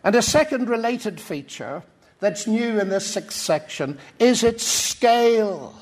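An older man from Ireland delivers a sermon in a high voice with a slow, deliberate pace. He explains scripture and tells anecdotes, acting out the dialogue as he goes. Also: expressive. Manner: storytelling with quoted dialogue. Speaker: preacher.

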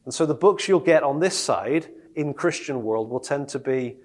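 A man's voice: mid-range voice, moderate pace, few pauses. Conversational preacher man asking rhetorical questions. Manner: lively, conversational, asks the audience rhetorical questions. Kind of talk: sermon.

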